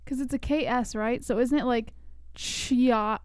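A woman's voice: a little high, fairly even intonation, a little slow, a little mellow, smooth, no room sound, studio quality. Laid-back woman co-hosting a stream. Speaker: co-host reading chat. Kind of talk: casual live-stream banter.

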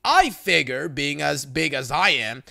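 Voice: medium pitch, lively intonation, a little slow, vocal fry, bright, forceful tone. A narrator reading online forum stories aloud in a plain storytelling manner.

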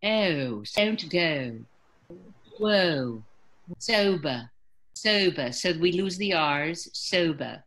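A woman dialect coach teaching a workshop, demonstrating sounds slowly and deliberately by example. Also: low voice, animated, loud music behind the voice.

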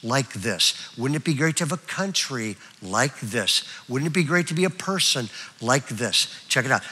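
An older man preaching a sermon as pastor, in a lively, chatty way that keeps checking in with his listeners. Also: mid-range voice, moderate pace, few pauses. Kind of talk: live sermon. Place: church auditorium.

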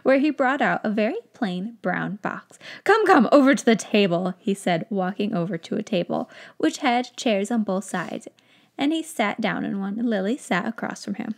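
A woman's voice: medium pitch, expressive, normal speed, vocal fry. A young woman hosting a podcast, chatting and laughing between reading a story aloud. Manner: chatty, laughs often, uses "like" a lot. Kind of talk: casual chat and story reading.

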